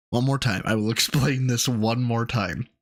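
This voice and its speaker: A man in casual stream chat, telling a story excitedly and swearing freely. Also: medium pitch. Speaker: streamer guest.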